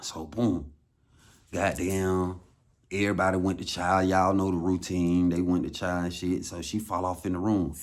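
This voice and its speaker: Low-voiced Atlanta man telling a story. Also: moderate pace. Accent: Southern US, Atlanta. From Atlanta, USA. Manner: slangy, animated, repeats for emphasis. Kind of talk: casual storytelling.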